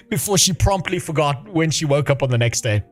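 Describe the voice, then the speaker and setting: A man's voice: on the high side, lively intonation, moderate pace, soft background music. A man in his thirties, a livestreamer chatting casually, swearing freely and laughing often. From South Africa. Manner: profane, laughs often while talking. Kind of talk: casual chat.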